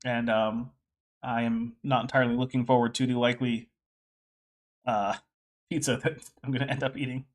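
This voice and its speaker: A man's voice: medium pitch, little pitch movement, moderate pace, pauses often. A man hosting a casual commentary stream, reading text aloud with wry, sarcastic asides. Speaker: host.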